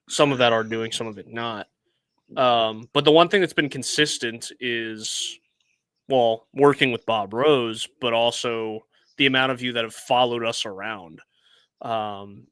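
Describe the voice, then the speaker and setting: A man's voice: medium pitch, sharp tone, no echo. A man co-hosting a sports podcast, talking in a reflective, easygoing way with fillers. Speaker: podcast co-host. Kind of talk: casual podcast chat.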